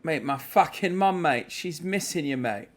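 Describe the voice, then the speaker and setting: A streamer voicing a brash, foul-mouthed young British lad in a mock British accent, swearing constantly. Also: male voice, a little high, expressive, normal speed, voice pushed up. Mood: cocky. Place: hotel room.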